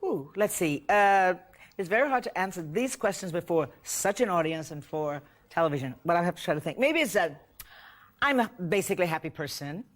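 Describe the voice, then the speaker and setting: A woman's voice: on the low side, fairly quick. American woman chatting on a talk show. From United States. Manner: laughs often, playful and animated. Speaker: guest. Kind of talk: casual TV interview chat. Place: TV studio set dressed as living room, with audience.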